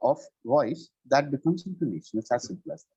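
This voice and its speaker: A man's voice: medium pitch, expressive, brisk, mellow, breathy edge, no echo, lo-fi sound. A man giving a one-on-one English lesson over a video call, explaining patiently and checking in with "right?" after nearly every point. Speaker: English tutor.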